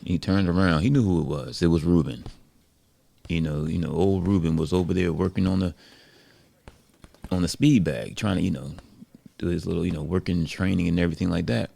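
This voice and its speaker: A man narrating a story casually, relaxed and reflective, with frequent conversational fillers. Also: deep voice, brisk, gravelly, long pauses. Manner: relaxed, reflective, many "you know" fillers.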